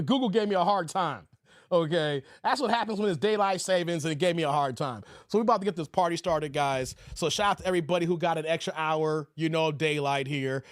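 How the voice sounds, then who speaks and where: In clean studio sound with no echo, a man hosts a relaxed live stream from his home. He tells stories with animation, acting out quotes in a raised voice that goes high and loud.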